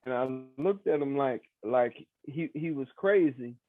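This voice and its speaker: A man's voice: medium pitch, a little slow, dry recording. Man telling his story, tinny sound. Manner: animated, acts out quoted voices, many fillers. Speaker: exoneree interviewee. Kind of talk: interview storytelling.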